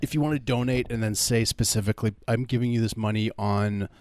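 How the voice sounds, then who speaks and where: A man's voice: on the low side, steady tone, fast, darkish tone, no echo, clean studio sound. A man co-hosting a radio show, talking in a laid-back, hesitant way with many fillers. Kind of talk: casual comedic banter during a fund drive.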